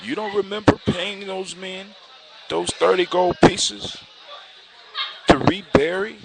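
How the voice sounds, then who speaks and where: A man voicing the hushed, solemn ghost of a grateful male ancestor in a spoken folktale. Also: high-pitched, sing-song, takes it slowly, voice pushed up, full character voice. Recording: clear background hiss.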